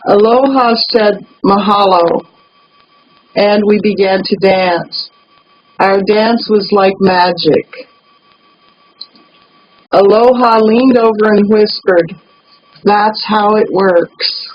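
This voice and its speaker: Emotional woman client, slow and lo-fi. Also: mid-range voice, fairly even intonation. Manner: emotional, laughing easily, tearful. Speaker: coaching client. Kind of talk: reading her own writing aloud and reacting. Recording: dull lo-fi recording.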